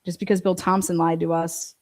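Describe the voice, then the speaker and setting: A woman's voice: on the low side, little pitch movement, a little fast, darkish tone. Blunt, profane woman ranting. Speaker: livestream host. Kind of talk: casual livestream chat reading viewer comments.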